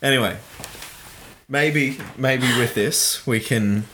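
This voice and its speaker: A man's voice: medium pitch, background noise. A man co-hosting a casual joking book chat, reading passages and talking with many restarts and fillers. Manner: halting, many restarts and fillers, reads in a flat slow tone. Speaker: podcast co-host reading a book aloud.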